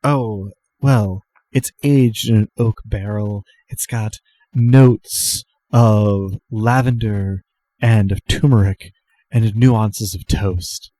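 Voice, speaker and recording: A man's voice: fairly low pitch, fairly even intonation, slow, warm tone. A man voicing a flamboyant, doting male bartender in a tabletop game, theatrical and fond. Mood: showy. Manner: theatrical, doting, calls everyone darling.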